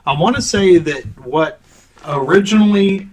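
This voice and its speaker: A man's voice: sits high, unhurried, crowd noise. A man hosting a casual podcast interview in an easygoing way, laughing along with his guest. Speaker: podcast host.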